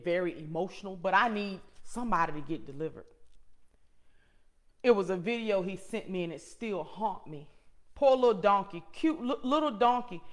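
Host, woman, middle-aged, emphatic preachy testimony, loud to hushed, medium pitch. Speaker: host and motivational speaker.

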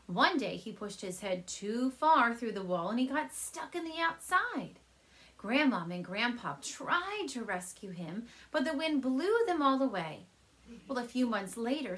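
A woman reads a storybook aloud to children with a lively, swooping voice. She sits comfy on her couch at home and talks gently to the kids between pages. Her voice sits a touch high. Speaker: teacher reading aloud.

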